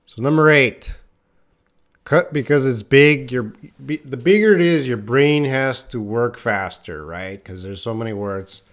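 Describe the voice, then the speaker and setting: A man leading a live online English class, talking slowly and carefully. He is playful, tries tongue twisters, laughs at his own slips and answers viewers' comments as he goes. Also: mid-range voice. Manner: chats with viewers reading their comments. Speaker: English teacher.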